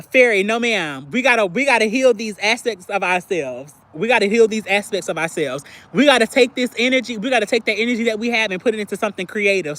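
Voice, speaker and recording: A young man talking candidly on a livestream, confiding and expressive, acting out bits of phone conversations and often clearing his throat. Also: high-pitched, no room sound. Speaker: livestream host. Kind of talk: candid personal livestream chat.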